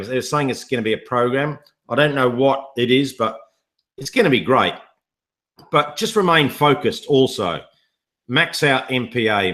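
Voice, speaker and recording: A man's voice: mid-range voice, fairly bright tone. A man chatting on a live video call, telling jokes and rambling stories in casual conversation. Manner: joking, rambling storyteller. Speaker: online business promoter.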